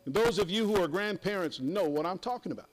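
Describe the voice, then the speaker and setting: Older male preacher, high-pitched, emphatic folksy sermon delivery. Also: expressive, quick pace, poor audio.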